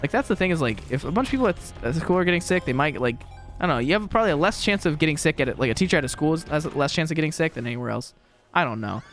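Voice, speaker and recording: A man's voice: fairly high pitch, animated, very fast, fairly bright tone, faint music behind. A young man casually commenting on his gameplay from a room at home, rambling and chatty with a self-deprecating manner. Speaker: gaming commentator.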